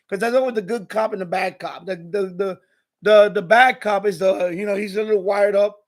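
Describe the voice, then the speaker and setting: High, gravelly-voiced man ranting. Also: brisk. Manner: animated ranting storyteller. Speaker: live stream host. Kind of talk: casual live-stream chat.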